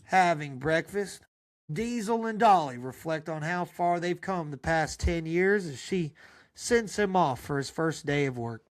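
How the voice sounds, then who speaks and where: Deadpan host reading stage directions, stumbles a bit. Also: male voice, fairly high pitch, measured pace. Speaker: podcast host reading a comedy script. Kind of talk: narrating a comic screenplay.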